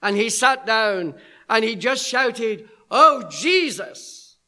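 Male preacher, middle-aged, bright tense tone; animated storyteller. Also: high-pitched, takes it slowly. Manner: animated storyteller acting out quoted voices. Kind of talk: sermon storytelling.

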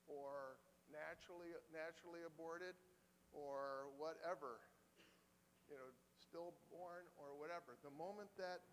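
A man with a high voice preaches a sermon, talking to the congregation in a loose, conversational way and circling back on his phrases for emphasis. His voice carries with a long reverb through a church sanctuary, over a faint hum. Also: fairly bright tone.

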